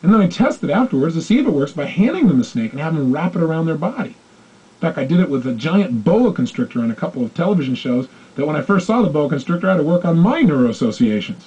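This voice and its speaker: A man giving a motivational talk, telling stories with animated delivery and acting out the voices of the people in them. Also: fairly high pitch, quick pace, slightly rough. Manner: animated, acts out quoted voices. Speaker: motivational speaker. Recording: dull lo-fi recording.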